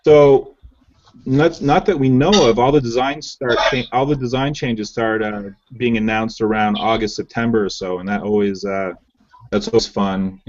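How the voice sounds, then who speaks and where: A man hosting a casual online hangout, reading through viewer comments in a relaxed, chatty way with plenty of fillers. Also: mid-range voice, moderate pace. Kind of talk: casual live hangout chat. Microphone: video call. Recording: dull lo-fi web call audio.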